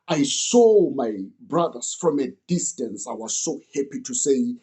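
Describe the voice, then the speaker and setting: A man's voice: mid-range voice, lively intonation, a little slow, dark tone. A young man earnestly retelling an old story in the first person, as if he lived it.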